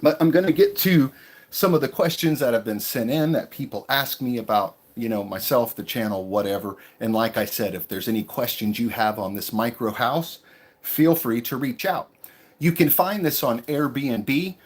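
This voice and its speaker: A man hosts a live stream from inside a tiny micro house, with an easy, conversational delivery. His voice sits at an ordinary pitch with a somewhat raspy texture, and he says hello to viewers by name as he goes. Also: moderate pace. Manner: casual and chatty, greets viewers by name. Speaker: YouTube channel host. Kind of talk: live-stream vlog tour and Q&A.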